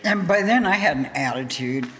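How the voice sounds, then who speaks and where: A woman guest in an interview, telling a story in a lively way, laughing often and acting out what people said. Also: sits low, normal speed, a little hiss or hum. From United States. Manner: animated, laughing storyteller who acts out quotes. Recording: hall reverb with faint music.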